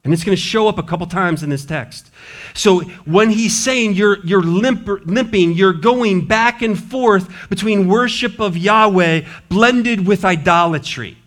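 Male pastor, sermon, higher pitched, animated, playful asides, loud then hushed. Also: measured pace. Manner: lively, playful preaching with asides and trash-talk humor; animated, shifting between loud and hushed delivery. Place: church.

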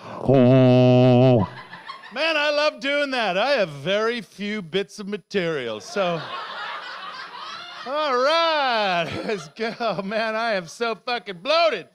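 A middle-aged man from Canada performs stand-up with an unusually high voice. He rambles, shouts lines for effect and laughs through his own bits. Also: big pitch swings, takes it slowly, slight background noise. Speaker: stand-up comedian. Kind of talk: live stand-up set. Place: comedy club stage.

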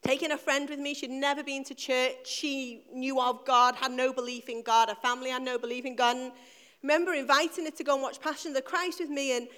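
Middle-aged woman preacher with a very high voice, storytelling Easter sermon with emphatic repetition. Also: steady tone, fast talker, fairly bright tone.

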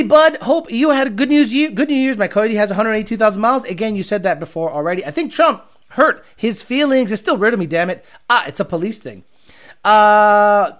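A man's voice: high voice, fairly bright tone. A man hosting a livestream, telling rambling stories and mocking his chat in a casual, profane way. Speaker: livestream host reading chat.

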